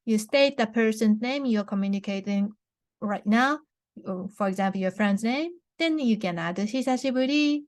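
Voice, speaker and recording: A young woman with a Japanese accent teaching a beginner language lesson, saying words slowly and clearly for repetition, with frequent restarts. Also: medium pitch, no room sound, studio quality. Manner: slow, careful model pronunciations with many restarts.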